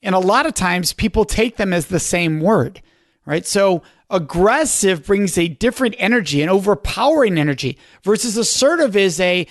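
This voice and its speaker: A man hosting a podcast interview, enthusiastic and affirming, asking quick follow-up questions. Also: high voice, animated, dry recording, studio quality. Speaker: podcast host. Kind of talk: interview talk.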